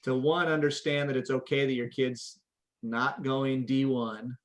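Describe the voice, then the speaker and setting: A man's voice: medium pitch, level tone, a little slow. A middle-aged man, a coach and parent educator, answering interview questions in an earnest, conversational way and often restarting his sentences. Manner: earnest, repeats words when starting sentences.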